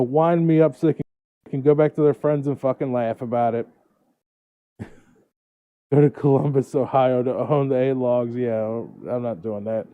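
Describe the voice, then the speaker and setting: A man's voice: fairly high pitch, dry recording. Frustrated man on tinny audio. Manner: frustrated, complaining.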